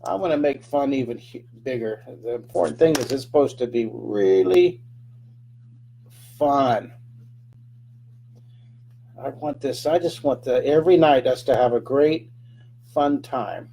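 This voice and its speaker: Slow, gravelly drawing teacher man. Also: mid-range voice, dark tone, a little hiss or hum. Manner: chatty, narrates each stroke, playful sound effects. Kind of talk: live drawing lesson.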